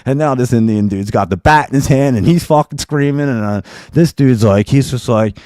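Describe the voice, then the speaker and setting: A man hosting a live show, telling a wild story in a casual, profane, animated way and laughing as he goes. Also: mid-range voice, normal speed, no room sound, clean studio sound.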